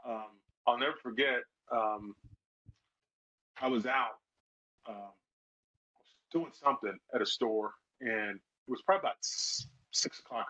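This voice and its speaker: A middle-aged man, a former football player, telling lively stories in a casual interview and acting out the people he quotes. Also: mid-range voice, breathy edge. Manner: animated storyteller who acts out quoted voices. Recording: slightly dull lo-fi sound.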